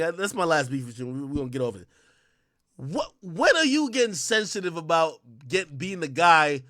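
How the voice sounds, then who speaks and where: Excitable high-voiced man ranting loudly. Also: dry recording, studio quality. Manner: loud, excitable, shouts and laughs often; profane, addresses chat directly. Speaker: livestream host. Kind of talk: casual livestream rant.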